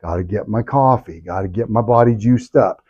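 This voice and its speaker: A man with a lowish voice speaks at normal speed during a lively health workshop in a clinic event room, asking the audience questions and comically acting out patients' complaints. The recording is slightly rough, with the highs cut off.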